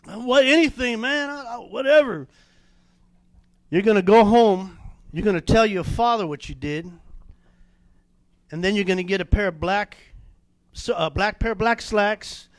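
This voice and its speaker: A man's voice: high voice, no room sound, lightly acted. A man voicing a huge, menacing male shop owner who gives firm orders. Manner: firm, commanding, lays down orders.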